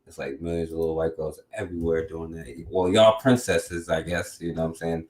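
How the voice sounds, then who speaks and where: A man's voice: low voice, brisk, hardly any pauses, reverberant. A man hosting a casual talk show, rambling loosely and often tagging his sentences. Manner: loose and rambling, lots of filler tags. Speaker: podcast host. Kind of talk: casual commentary.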